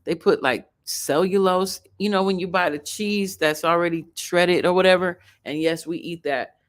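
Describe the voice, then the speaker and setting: A woman's voice: lowish voice, steady tone, normal speed. Chatty Chicago-accented woman reacting. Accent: suburban Chicago. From Chicago, USA. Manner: rambling, chatty, talks straight to viewers. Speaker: host. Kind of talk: casual reaction commentary.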